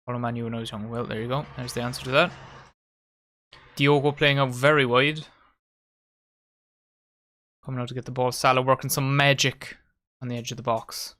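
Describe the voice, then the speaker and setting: A man hosts a live football watchalong, offering casual play-by-play and bantering with his friends and viewers. His voice sits at medium pitch with a steady tone, a moderate pace and long pauses, and it sounds pushed and bright.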